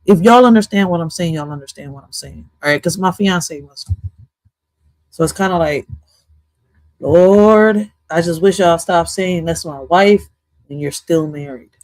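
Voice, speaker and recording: A woman hosting a livestream, reacting to an interview clip in loud, profane, jumpy casual commentary that swings between jokes and asides. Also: on the low side, moderate pace, dry recording, low-quality recording.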